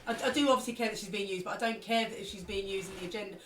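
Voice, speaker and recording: A woman's voice: mid-range voice, racing, a bit bright, slight background noise. A woman guest on a political podcast, stating her views firmly and emphatically. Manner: firm and emphatic. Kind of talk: casual political discussion. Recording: roomy and distant from the mic, faint ambience.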